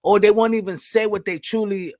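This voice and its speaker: A man in his thirties hosting a podcast alone, answering live chat in blunt, profane talk that jumps loud and high when he gets riled. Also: fairly even intonation, a little fast, dry recording. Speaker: podcast host. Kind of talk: casual solo commentary reading live chat.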